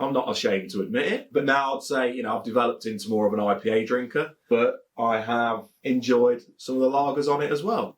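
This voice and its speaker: A man from England with a Leicestershire accent, chatting casually to camera as a beer reviewer, rambling and jokey and repeating his phrases. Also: mid-range voice.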